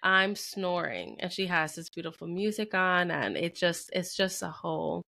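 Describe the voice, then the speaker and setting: Chatty mom co-host, thirties, animated storyteller who laughs easily. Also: female voice, lowish voice, normal speed, gravelly. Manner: chatty, laughs often, acts out quotes. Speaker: podcast co-host. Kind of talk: casual chat.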